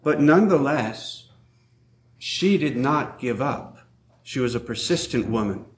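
Slow, measured priest in an echoey church. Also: male voice, mid-range voice, animated. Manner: slow, measured preaching with scripture readings. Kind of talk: sermon.

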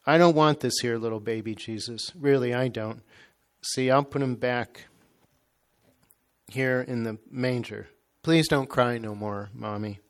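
A man's voice: mid-range voice, unhurried, close to an everyday voice. A man reading a story aloud, voicing an earnest little girl pleading with her mother.

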